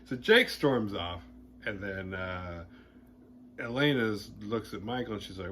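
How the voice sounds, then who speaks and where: Lower-voiced man with bright edge. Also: measured pace, slight background noise. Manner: animated, playfully crude retelling. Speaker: horror movie podcast host. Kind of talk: casual movie recap.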